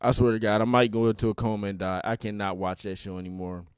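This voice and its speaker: A man's voice: on the low side, level tone, quick pace, smooth, no echo, studio quality. A man hosting a podcast in casual, mocking comedic commentary with laughing asides. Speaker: podcast host.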